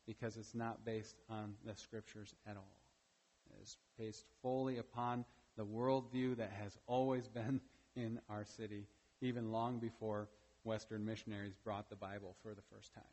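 A man's voice: mid-range voice, in a large hall. A man preaching a sermon during a morning church service, speaking emphatically and often tagging his points with "right?". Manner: emphatic preaching with frequent "right?" tag questions. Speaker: pastor.

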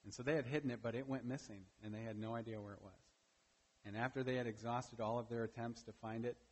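A man's voice: medium pitch, fairly even intonation, fast talker, darkish tone. Emphatic male pastor in reverberant church. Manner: emphatic preaching with frequent "right?" tag questions. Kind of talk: sermon. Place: church during a morning service.

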